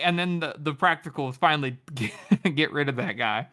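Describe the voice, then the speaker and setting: A man's voice: fairly high pitch, brisk, hardly any pauses, bright, forceful tone. A man co-hosting a book podcast, retelling a scene casually and laughing often. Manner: giggly, laughs through retelling. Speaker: podcast co-host.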